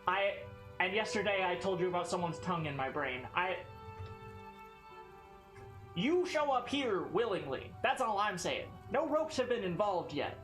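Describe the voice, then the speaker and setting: A woman's voice: medium pitch, expressive, normal speed. A woman with a Southern American accent streaming a game, chatting casually with viewers, rambling, swearing and laughing often. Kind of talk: casual gameplay stream chat. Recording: echoey room with faint music.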